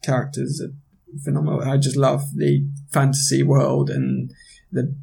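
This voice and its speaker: A man's voice: medium pitch, moderate pace, creaky, breathy edge. A man co-hosting a podcast, chatting casually about books and films, laughing easily and trailing off while he thinks. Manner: relaxed, laughs often, trails off in thought. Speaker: podcast co-host.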